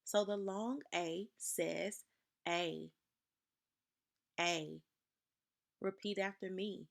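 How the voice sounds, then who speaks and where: Slow, gravelly woman teaching spelling. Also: medium pitch, fairly even intonation. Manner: slow, careful, over-enunciated dictation. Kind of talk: spelling lesson for children.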